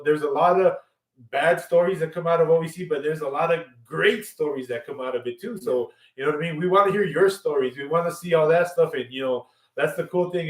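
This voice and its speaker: A man co-hosting a casual chat show, rambling, repeating words and dropping "you know what I mean" over and over. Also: fairly high pitch. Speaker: co-host. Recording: roomy, from far off the mic.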